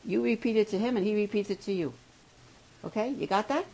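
A woman giving a devotional talk to campers and adults, asking the crowd questions and slowing down to stress key words. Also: mid-range voice, dark tone, low-quality recording. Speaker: camp speaker.

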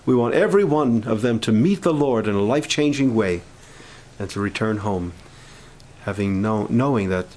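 A man leading a camp prayer meeting, speaking in an informal, halting sermon style with restarts and growing fervor. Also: fairly low pitch, animated, a little mellow, slight background noise, poor audio.

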